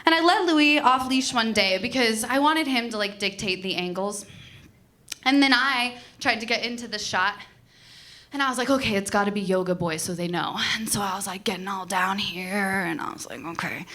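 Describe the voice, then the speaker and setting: A young woman on a comedy club stage, performing a stand-up set. She tells her story as a storyteller would, and jumps into animated voices for the people in it. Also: a little high, normal speed.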